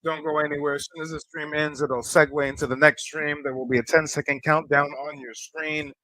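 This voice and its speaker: A male stream host reacts to clips in a bright, sharp voice, blunt and profane as he talks straight to his viewers. The sound is dry and close, with no room around it. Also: a little high, little pitch movement, brisk, dry recording. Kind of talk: reaction commentary.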